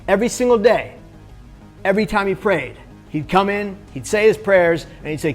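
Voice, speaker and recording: A man with a high, expressive voice speaks to camera at a moderate pace, faint music behind him. He is a suicide prevention speaker recounting his own experience energetically, acting out the lines of other people in the story.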